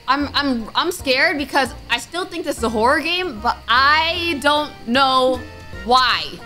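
A woman's voice: high voice, lively intonation, slow, pushed and bright, faint music behind. A woman streamer playing a horror game, reading the on-screen text aloud, muttering item names and letting out jumpy, frightened exclamations. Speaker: gaming streamer. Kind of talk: let's-play commentary.

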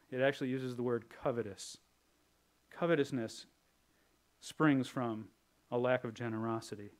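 A male pastor giving a conversational, joking sermon, now and then slipping into playful character voices. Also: medium pitch. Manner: conversational, jokey, drops into put-on voices.

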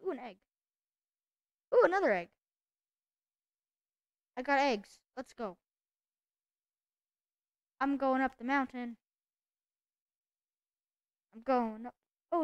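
Excitable high-voiced young woman gamer. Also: takes it slowly, long pauses, smooth, no echo. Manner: chatty, excitable, talks to herself. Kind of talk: let's play commentary.

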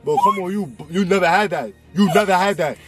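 High-voiced young man teasing in a car. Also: huge pitch swings, a little fast, over loud music.

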